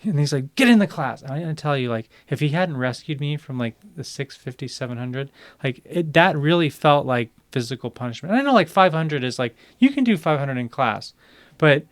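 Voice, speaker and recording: A man co-hosting a podcast, telling a story in a relaxed, chatty way with quoted dialogue. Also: a little high, brisk, no echo. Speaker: podcast co-host. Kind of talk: casual storytelling chat.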